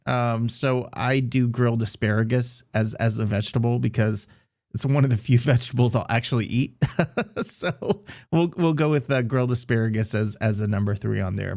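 A man's voice: mid-range voice, brisk, a little mellow. A young man co-hosting a casual sports podcast who teases and gives his opinions bluntly. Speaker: podcast co-host.

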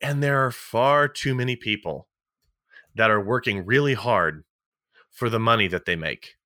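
A man's voice: on the low side, moderate pace, sharp tone, no room sound, studio quality. A man co-hosting a podcast, talking in an emphatic, motivational way and repeating his key points, with a slightly sarcastic edge. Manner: a little sarcastic. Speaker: podcast co-host. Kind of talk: casual podcast chat.

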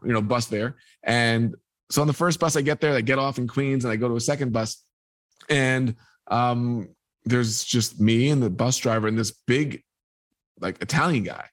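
A man's voice: medium pitch, fairly bright tone, dry recording. A man, a guest telling a long personal story and acting out the people in it. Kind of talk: storytelling in a podcast conversation.

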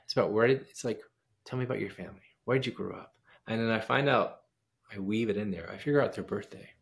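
Man with a gravelly voice telling a lively story. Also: on the low side, fast talker. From United States. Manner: animated storyteller acting out quoted dialogue. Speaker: pianist and composer, guest. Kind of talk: casual interview storytelling.

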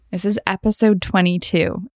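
A woman's voice: lowish voice, vocal fry, a little mellow, no room sound, studio quality. A woman hosting a podcast, telling heartfelt stories about her farm animals in a tender, emotional way. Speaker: podcast host.

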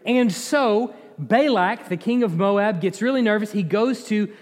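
A man with a bright voice teaches Scripture in a loose, conversational way, tossing questions to his listeners. The sound carries a long, reverberant hall echo. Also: high voice, unhurried. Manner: conversational, quizzes the audience, chuckles. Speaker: Bible teacher. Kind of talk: informal Bible teaching.

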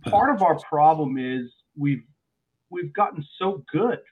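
A male airline pilot, a guest on a podcast, telling stories in a lively way and often restarting his words. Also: fairly high pitch, a little slow. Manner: animated storyteller with frequent restarts and repeated words. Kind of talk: podcast interview chat. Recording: phone-like narrow sound.

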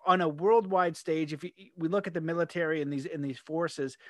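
A Canadian man talks in a loose, rambling way, animated and quick to laugh. His voice sits fairly high. The sound is dry and close, with no room echo. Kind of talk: casual podcast conversation.

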